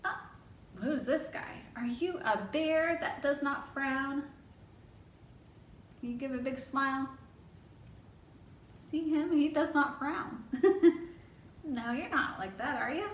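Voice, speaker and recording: A children's librarian runs a toddler storytime in a library room, speaking coaxingly and posing questions to the little ones. She has a high voice, goes slowly, and pauses often; the mic sits far off in an echoey space with a bit of background noise.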